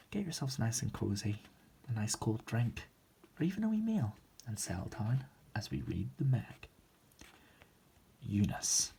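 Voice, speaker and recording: A man reading a novel aloud in a soft, relaxed manner as a whispered role-play storyteller. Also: on the low side, gravelly, breathy edge. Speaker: ASMR storyteller.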